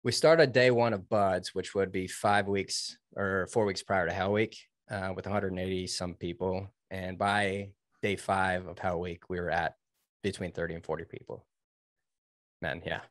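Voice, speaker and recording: A man's voice: low-pitched, fairly even intonation, moderate pace, dry recording, studio quality. A man in his thirties telling a personal story in an interview, earnest and emphatic. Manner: earnest, emphatic, quotes himself and others. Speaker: guest, Navy veteran.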